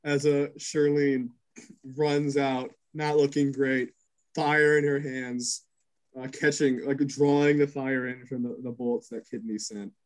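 A man's voice: medium pitch, level tone, low-quality recording. A man narrating chaos as game master of a tabletop game, cursing and filling gaps with ums. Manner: rapid, crude narration full of fillers.

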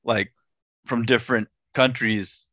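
A man's voice: mid-range voice, fairly even intonation, slow, sharp tone, no room sound. A male host asking questions in an easygoing, casual chat and laughing often. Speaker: podcast host. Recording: dull lo-fi, dry.

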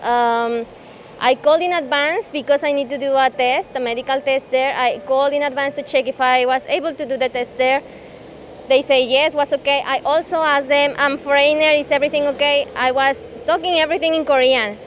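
High-voiced woman. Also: steady tone, normal speed, slight background noise. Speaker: interviewee. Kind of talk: personal storytelling.

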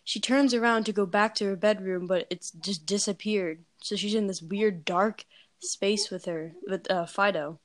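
A woman's voice: mid-range voice, steady tone, moderate pace, no room sound. A woman casually telling a scary story, rambling with lots of fillers and valley-girl phrasing.

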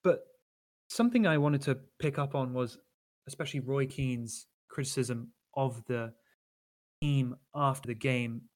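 A man's voice: mid-range voice, a little slow. Guy on a football podcast, earnest and critical, lots of ums and restarts. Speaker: podcast co-host. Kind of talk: casual football chat.

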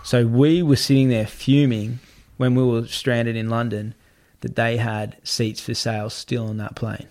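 Animated storytelling man, swearing freely. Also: medium pitch, unhurried. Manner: animated, swearing, acts out other people's lines. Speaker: guest telling a story. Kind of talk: casual storytelling.

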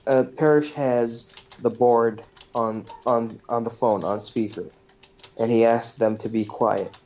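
A man's voice: mid-range voice, steady tone, a little slow, darkish tone. A man hosting a podcast, casually recapping a movie's plot in a loose, profane way with lots of fillers. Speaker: podcast host. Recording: dull lo-fi recording.

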